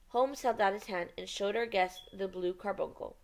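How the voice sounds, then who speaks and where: A woman's voice: mid-range voice, moderate pace, hardly any pauses. Woman reading a storybook aloud. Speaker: audiobook reader. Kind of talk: storybook narration.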